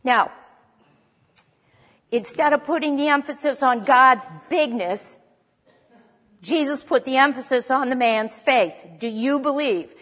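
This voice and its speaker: A woman's voice: high-pitched, takes it slowly, long pauses, fairly bright tone, in a large hall. A woman preaching a sermon in a conversational way, stopping to correct herself as she goes. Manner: conversational, with restarts and self-corrections.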